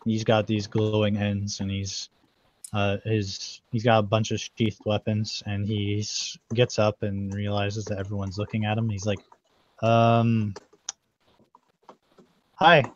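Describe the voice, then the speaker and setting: A man's voice: lowish voice, monotone, normal speed, a little mellow, no echo, highs cut off. A man narrating as game master of an online tabletop game, in a loose, rambling way.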